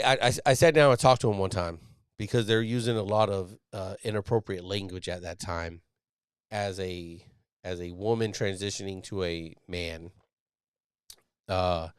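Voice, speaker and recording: A man's voice: on the low side, no echo, clean studio sound. A man in his thirties hosting a casual live show, talking bluntly with lots of swearing and restarts. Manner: blunt, profane, rambling with many restarts. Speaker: podcast host, Navy sailor. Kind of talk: casual live-stream talk.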